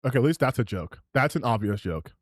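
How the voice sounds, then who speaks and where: A male streamer who reacts to clips with sarcastic, swearing commentary. His pitch swings widely as he talks, and the recording is close and dry. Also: expressive, fast, dry recording.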